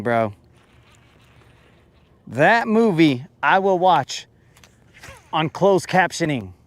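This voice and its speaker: A man's voice: on the high side, dry recording. A man hosting a fishing podcast, ranting jokingly and rambling in a casual livestream, keeps calling his listeners bro. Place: boat on a lake, outdoors.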